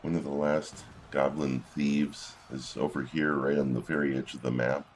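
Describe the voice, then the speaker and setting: A man's voice: extremely low pitch, little pitch movement, normal speed, a little hiss or hum. A man giving casual gameplay commentary, reading in-game combat logs aloud with wry asides.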